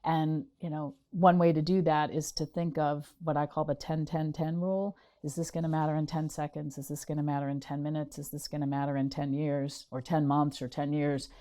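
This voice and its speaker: A middle-aged woman with a notably low voice recounts her experience as an interview guest. She tells it animatedly, slipping into the voices of the people she quotes. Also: fairly quick, hardly any pauses. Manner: animated storyteller acting out quotes. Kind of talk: interview storytelling.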